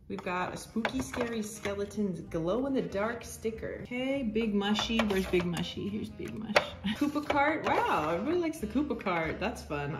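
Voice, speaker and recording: A woman's voice: mid-range voice, roomy sound. A young woman chatting to herself while packing orders, cheerful and a bit chaotic, with the odd swear. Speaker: small artist packing shop orders. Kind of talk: chatty packing vlog voice-over. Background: background music.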